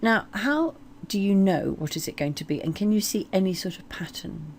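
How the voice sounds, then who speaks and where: A woman teaching French place names, slowly modeling each word. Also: medium pitch, animated, a little mellow, slight background noise. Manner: slow, deliberate modeling of French words. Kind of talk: explanatory language lesson.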